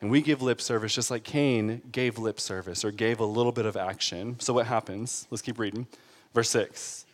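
A man's voice: on the low side, normal speed, long reverb tail. A man preaching a sermon in an earnest, conversational way, building to emphatic peaks. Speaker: pastor.

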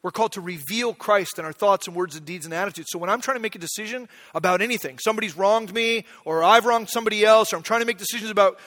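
A middle-aged man preaching a sermon, telling stories about himself with humor and swinging between quiet reflection and loud outbursts. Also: high-pitched, quick pace, hardly any pauses. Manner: storytelling, self-deprecating, swings from quiet to shouting. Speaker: pastor. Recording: long hall reverb.

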